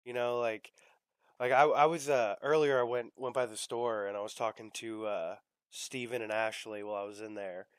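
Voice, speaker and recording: Casual young male podcast host, lowish voice, dry close mic, rambling and profane. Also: fairly even intonation, normal speed, clear, resonant tone, dry recording. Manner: rambling, lots of fillers and swearing. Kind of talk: casual chat.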